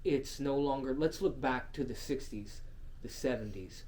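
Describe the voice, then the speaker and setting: A man co-hosting a podcast in crude casual chat, cursing and laughing often, swinging between loud and soft. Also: mid-range voice, normal speed. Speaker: podcast co-host.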